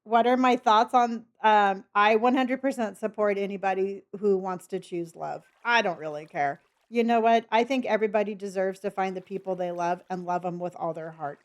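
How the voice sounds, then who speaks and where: A middle-aged woman livestreaming a game, chatting casually and rambling as she reads her chat and laughs often. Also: mid-range voice. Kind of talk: casual chat while gaming.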